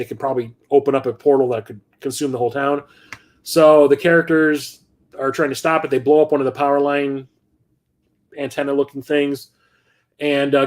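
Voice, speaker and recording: A middle-aged man talks through his movie collection in a loose, rambling way, full of fillers and the occasional curse. His voice sits a little high for a man. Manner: rambling, chatty, with frequent fillers and profanity. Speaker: host of a film collection stream. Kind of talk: casual film chat.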